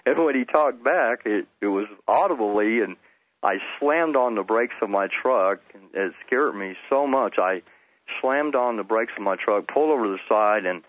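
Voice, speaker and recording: With a fairly low voice, lively intonation and normal speed, a middle-aged man from Texas earnestly shares his testimony as a phone-in guest, restarting now and then. The dry recording comes through a tinny phone line.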